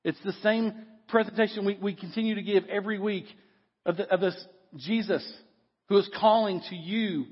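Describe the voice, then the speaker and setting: A middle-aged man preaching a lively sermon in a church, dropping low for effect. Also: moderate pace, breathy edge. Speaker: pastor. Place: church sanctuary. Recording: long hall reverb, dull lo-fi sound.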